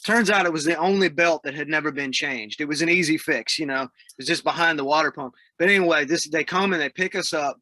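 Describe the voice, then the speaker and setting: A man's voice: a little high, fast, hardly any pauses, sharp tone, no echo. A man from the Southern US, a musician guest in a casual interview, telling stories in a laid-back way and laughing as he talks. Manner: laid-back storyteller, laughs mid-sentence.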